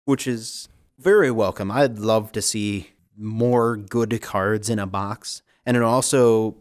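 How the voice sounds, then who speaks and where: A man's voice: lowish voice, fairly even intonation, slow, no echo, clean studio sound. A man co-hosting a casual card game podcast, chatty and upbeat, laughing often and stumbling over words now and then. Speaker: co-host.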